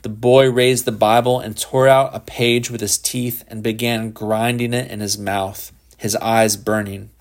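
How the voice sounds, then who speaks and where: Slow, low-voiced male story reader. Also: little pitch movement. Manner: measured, unhurried. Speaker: narrator. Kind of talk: audiobook reading of a literary short story.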